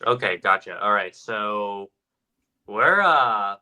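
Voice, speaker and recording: A man from Georgia co-hosting a casual paranormal podcast, relaxed and quick to chuckle. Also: lowish voice, rough recording. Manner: laid-back, chuckling reactions. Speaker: podcast co-host.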